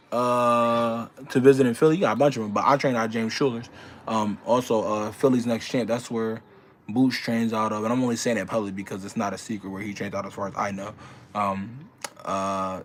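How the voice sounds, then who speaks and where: A young man, a boxer casually answering viewer questions, swinging from loud incredulous ranting to low mumbled advice. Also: a little hiss or hum. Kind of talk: casual livestream chat.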